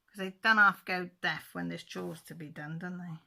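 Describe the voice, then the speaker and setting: A woman's voice: lowish voice, flat delivery, normal speed, creaky, bright, forceful tone. A woman hosting a channel, chatting casually and chuckling to viewers as she flips through a book. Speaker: channel host.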